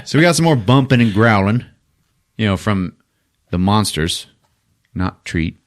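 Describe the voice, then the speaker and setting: A man hosting a podcast, retelling a movie plot in a loose, profane, animated way and laughing at his own jokes. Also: lowish voice, unhurried, pauses often. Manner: profane, animated retelling with sudden character voices. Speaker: podcast host. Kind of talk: casual movie recap.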